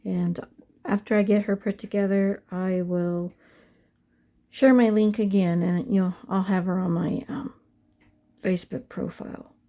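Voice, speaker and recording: A woman's voice: medium pitch, fairly even intonation, a little slow, dark tone. A middle-aged woman in a casual crafting vlog, talking to viewers as she paints a doll and often dropping to a half-whisper. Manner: chatty, often drops to a half-whisper while working. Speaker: reborn doll artist.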